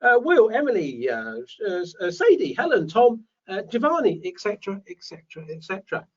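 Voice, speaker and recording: A British host with a high, wildly swooping voice speaks briskly on a live online property show, chatting in webinar style and reading out viewers' names. The mic sounds distant and dull.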